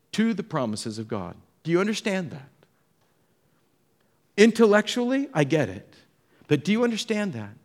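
A middle-aged male pastor delivers a sermon with animated storytelling. He slips in and out of the voices of the people in his stories, climbing high and then dropping to a low, quiet hush. His speaking voice sits a little higher than most men's.

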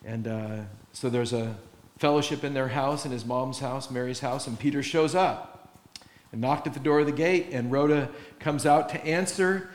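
A man's voice: mid-range voice, moderate pace. A male pastor preaching a sermon, telling stories with animation and acting out the people in them. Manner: animated storytelling, acting out quotes with laughter. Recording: roomy echoey sound.

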